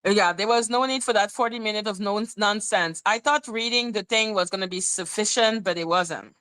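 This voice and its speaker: A woman's voice: medium pitch, moderate pace, a bit bright. A woman hosting a casual live-stream commentary, blunt and irritated, sounding condescending, swearing and repeating herself.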